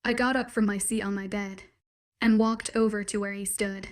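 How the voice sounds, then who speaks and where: A woman's voice: mid-range voice, steady tone, moderate pace. Woman narrating a first-person audiobook.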